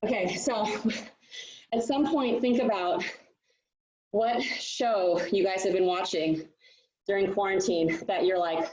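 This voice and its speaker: A woman's voice: mid-range voice, slow pace, long pauses, a little mellow, heavy reverb, far from the mic, lo-fi sound. A woman fitness coach leading a live workout, out of breath, upbeat and counting down the reps.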